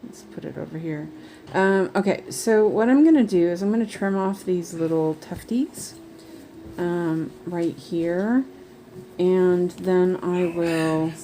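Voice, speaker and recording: A woman's voice: lowish voice, dark tone, slight background noise. A woman chatting casually and rambling on a live stream while she does cross-stitch. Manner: rambling, chatty, many fillers.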